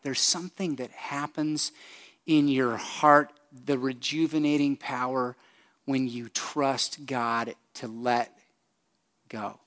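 A man preaching a sermon as pastor, asking the congregation direct questions and swinging from hushed, slow lines to loud, emphatic ones. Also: mid-range voice.

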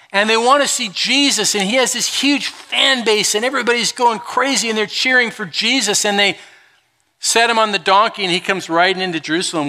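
A middle-aged man preaching a sermon as a pastor, telling the story in an animated, conversational way with touches of humor. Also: high-pitched.

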